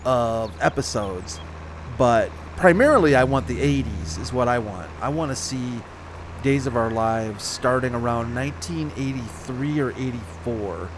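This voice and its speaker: This man hosts a gaming channel and chats loosely about his farming game, wandering off topic and fixing his own words. He speaks in a mid-range voice with slight hiccups, and there's noise behind him.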